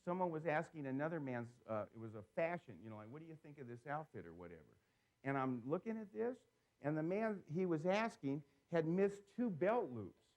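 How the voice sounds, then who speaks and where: Animated man giving a live seminar talk. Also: on the high side, normal speed. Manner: animated storytelling, asks the audience questions. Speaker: seminar speaker. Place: seminar room before a live audience.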